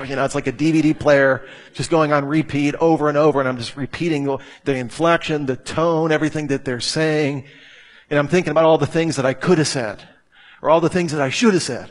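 A man's voice: a little high, steady tone, fairly quick. A man preaching a sermon to a gathered congregation, emphatic and repeating phrases for effect. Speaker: pastor. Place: church hall with a live audience.

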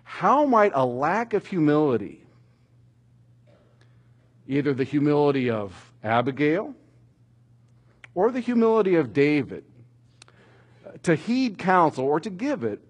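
A middle-aged man preaching a sermon, telling stories with animated emphasis that rises toward shouting at dramatic moments. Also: on the high side, a little slow, pauses often, husky, dull audio. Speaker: pastor.

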